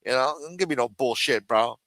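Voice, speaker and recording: A man's voice: medium pitch, a little fast, fairly bright tone, dry recording. A man hosting a live stream in a casual, profane rant, with many fillers, repeated phrases and muttered asides.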